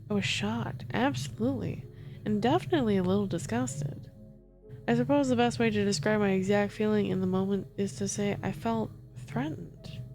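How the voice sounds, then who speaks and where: A woman narrating a first-person horror story in a soft, steady ASMR reading. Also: medium pitch.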